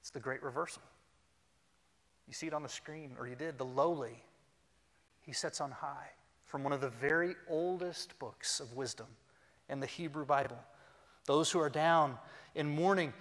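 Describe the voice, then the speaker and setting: A pastor delivering a sermon, animated and humorous, leading his congregation to speak along. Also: a little high. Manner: animated, humorous, leads the congregation in call-and-response. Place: church sanctuary. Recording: long reverb in a church hall.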